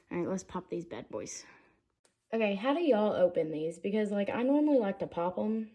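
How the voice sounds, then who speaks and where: A woman's voice: medium pitch, big pitch swings, moderate pace, dark tone. A young woman in her twenties vlogging in a chatty, giggly way, with lots of "like" and "um". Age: 20s. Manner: chatty and giggly, many fillers like "like" and "um". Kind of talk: casual vlog chat.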